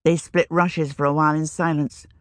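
A woman reading a novel aloud in a calm, measured storytelling manner. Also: low-pitched, no echo, clean studio sound. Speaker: narrator. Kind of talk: audiobook narration.

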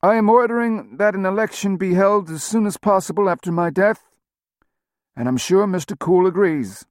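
A man voicing a badly wounded older male president with a gravelly, nasal voice, speaking slowly through clenched teeth. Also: sits high, no room sound, clean studio sound, voice pushed up, lightly acted. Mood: grim, defiant.

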